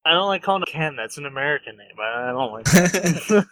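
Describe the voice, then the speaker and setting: A young man co-hosting a podcast, chatting casually and retelling a story in a halting way, full of fillers. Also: on the high side, animated, over a noisy crowd, rough recording. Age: young adult. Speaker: podcast co-host. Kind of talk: casual chat.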